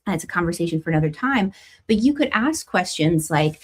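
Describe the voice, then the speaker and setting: A woman's voice: on the low side, fairly quick, slightly rough. A middle-aged woman hosting a spiritual astrology talk, chatting casually with viewers and laughing often. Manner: warm conversational, laughs often, lively emphasis. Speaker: astrology and tarot host.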